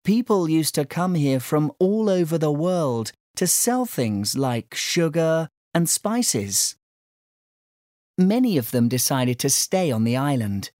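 A woman voicing an eager young island girl, raised in pitch, lively and animated, in a slow storybook reading. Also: no echo, studio quality, heavily acted. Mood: cheerful.

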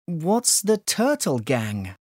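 A woman voicing a curious young boy visitor, pitched up, slow and wide-eyed. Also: sing-song, darkish tone, dry recording, clean studio sound, heavily acted. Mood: surprised.

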